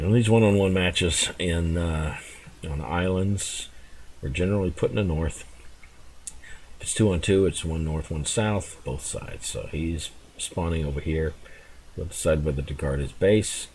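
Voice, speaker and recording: A man giving relaxed, rambling commentary while playing a game, chuckling and restarting his thoughts as he goes. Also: low-pitched, slight background noise. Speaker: gameplay commentator. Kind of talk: casual gameplay commentary.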